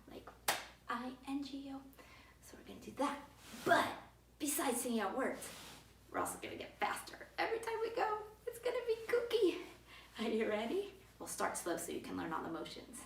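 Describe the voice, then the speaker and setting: A woman's voice: medium pitch, expressive, moderate pace, gravelly. A woman leading a storytime for toddlers as a children's librarian, talking in a playful, sing-song way to small children. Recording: roomy sound from a distance with faint noise.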